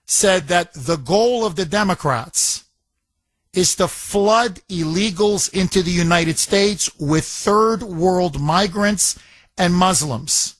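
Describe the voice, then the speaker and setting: A man's voice: high-pitched, fairly bright tone, dry recording. A male radio talk show host giving an indignant, emphatic monologue full of rhetorical questions, into a studio microphone.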